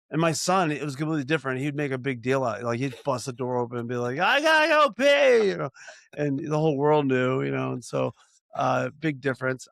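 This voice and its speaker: A man's voice: medium pitch, gravelly, a bit bright, no echo, studio quality. An older man, a podcast co-host, telling family stories in a rambling, casual chat full of restarts and fillers.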